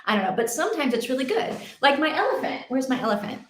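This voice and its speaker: A woman's voice: high voice, very animated, quick pace. A young adult woman hosting a casual read-along stream from home, chatting in a rambling way and laughing often. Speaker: livestream host. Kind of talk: casual chat. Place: home in Portugal. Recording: roomy echo.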